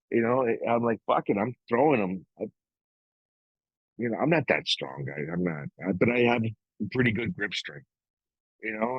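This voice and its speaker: A man's voice: medium pitch, no echo, lo-fi sound. A middle-aged man co-hosting a podcast, telling a story casually with swearing and acted-out quotes. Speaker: podcast co-host. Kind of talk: casual chat.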